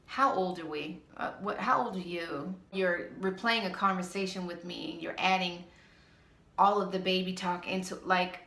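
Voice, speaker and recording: Brief: woman vlogger, low-pitched but bright and forceful, blunt and sassy, echoey room. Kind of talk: casual ranting monologue.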